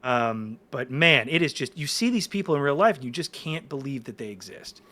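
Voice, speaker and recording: Fairly quick and mid-range in pitch, a man in his forties chats as a podcast guest. His storytelling is excited and rambling, with frequent restarts.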